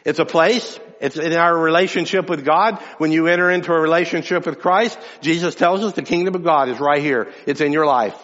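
A man's voice: on the high side, fairly quick, few pauses, a bit bright. A man preaching a sermon to his church in a conversational, emphatic way, often restarting his phrases. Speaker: pastor. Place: church sanctuary. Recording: dull sound with long hall reverb.

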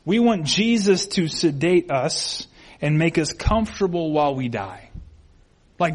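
A man delivers a sermon in a light, high-pitched voice. He preaches conversationally and with animation, reading scripture and then slipping into exaggerated voices to act out everyday excuses. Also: measured pace, husky. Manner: animated, acts out quoted people in raised voices. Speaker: pastor.

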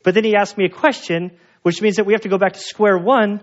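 A man's voice: sits high, steady tone, fast, highs cut off. A man preaching a sermon as a pastor, talking in a casual, conversational storytelling way with fillers.

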